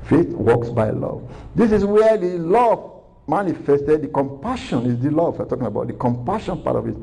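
A man's voice: a little high, animated, moderate pace, vocal fry, dark tone, poor audio. A man preaching a recorded sermon, earnest and repetitive, asking rhetorical questions.

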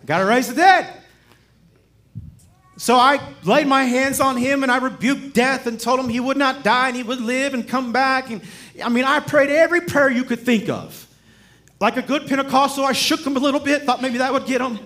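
A man as guest preacher, telling stories in a sermon in a lively, humorous way and chuckling as he speaks. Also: very high voice, brisk. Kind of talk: sermon with storytelling.

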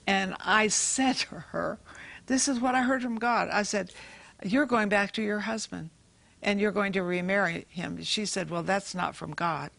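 A woman's voice: medium pitch, a little slow, vocal fry, a bit bright, dry recording. A woman hosting a Christian talk show, earnestly urging viewers to pray and read.

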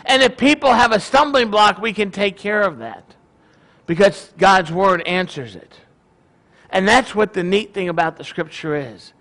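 High, bright-voiced male rabbi preaching. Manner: conversational, animated storytelling. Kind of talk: sermon with a personal story.

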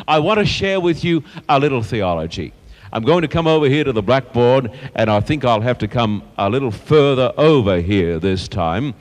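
A man's voice: mid-range voice, expressive, moderate pace, big-room sound. A man preaching an evangelistic sermon to a live audience, emphatic and calling on listeners to answer aloud. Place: church hall with a blackboard and a live audience.

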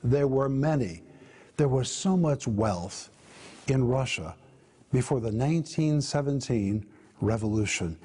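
A man's voice: medium pitch, animated, unhurried, mellow, breathy edge. An older man hosting a televised Bible teaching, speaking in an earnest, emphatic way as he urges viewers to respond.

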